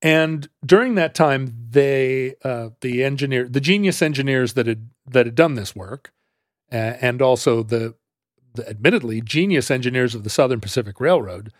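A man in the middle of a relaxed podcast conversation, spinning out a history story at his own pace. He restarts sentences, fills pauses, and breaks into easy laughs. The recording is close and dry, with no room sound. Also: medium pitch, no echo. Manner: rambling storyteller, frequent restarts and fillers, laughs easily. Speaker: podcast co-host explaining history. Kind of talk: casual conversational explanation.

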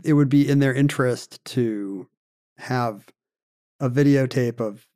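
A man's voice: mid-range voice, measured pace, mellow. A man hosting a casual chat, explaining a story in a wry, conversational way with dry asides.

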